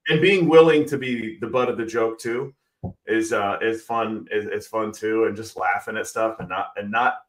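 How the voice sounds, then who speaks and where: A man's voice: lowish voice, normal speed. A man guest on a podcast, easygoing and thoughtful in casual chat. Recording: roomy, distant mic.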